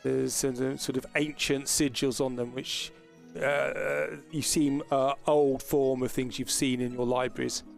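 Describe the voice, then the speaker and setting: A man's voice: mid-range voice, flat delivery, a little slow, gravelly, faint music behind. Hesitant male game master. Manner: hesitant, filler-heavy narration. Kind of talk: narrating a tabletop game.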